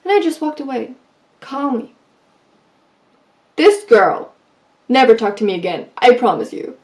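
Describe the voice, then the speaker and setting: A woman vlogger giving advice in a casual, animated way, telling stories from her school days and acting out what people said. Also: a little high, measured pace. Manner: animated, acts out quoted lines. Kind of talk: casual storytelling advice vlog.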